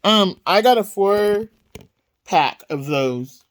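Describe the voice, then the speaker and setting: A woman's voice: mid-range voice, animated, extremely slow, slight background noise. A woman chatting casually in a home vlog, rambling through her story with lots of fillers and frequent giggles. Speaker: vlogger.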